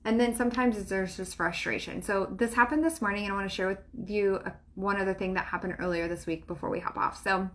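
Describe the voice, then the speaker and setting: A woman's voice: medium pitch, steady tone, quick pace, hardly any pauses, a bit bright. Chatty, rambling middle-aged woman coach. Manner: chatty and rambling, many fillers and restarts; laughs often, swears casually. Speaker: spiritual coach and podcast host. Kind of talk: casual monologue to listeners.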